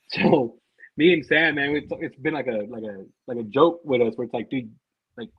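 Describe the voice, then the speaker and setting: A man's voice: mid-range voice, moderate pace, slightly rough, no echo, lo-fi sound. A man guesting on a casual podcast, rambling, swearing and repeating himself as he talks.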